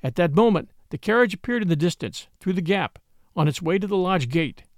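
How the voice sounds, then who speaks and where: A man narrating a classic novel as an audiobook, telling it in an expressive storytelling manner. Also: sits high, a little fast, no echo, clean studio sound.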